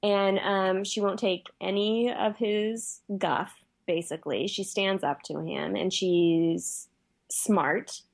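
A woman's voice: medium pitch, fairly even intonation, takes it slowly, vocal fry. A woman in casual conversation, explaining her points in a matter-of-fact way. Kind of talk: casual chat.

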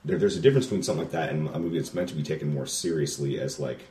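Very deep-voiced fast-talking man. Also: dark tone, roomy sound, recorded from a distance. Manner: rambling, restarts often. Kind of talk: casual movie discussion.

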